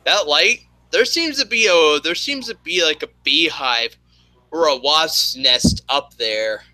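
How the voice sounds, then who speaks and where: A man's voice: fairly high pitch, expressive, slow pace, sharp tone, poor audio. A young man hosting a casual live stream from his apartment, rambling and joking with many fillers. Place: home apartment.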